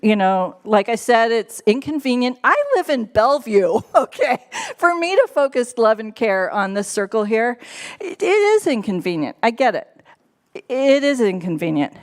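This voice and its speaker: A woman's voice: on the high side, big pitch swings, normal speed. A woman on a church's staff giving a casual, playful sermon to a live congregation, chatty and laughing often. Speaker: church staff member preaching.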